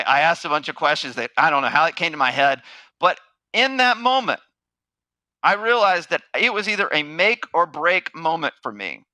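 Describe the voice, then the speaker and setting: A middle-aged man giving a motivational keynote, telling a story with animated energy and acting out the people he quotes. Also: fairly high pitch, dry recording, poor audio. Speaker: marketing speaker.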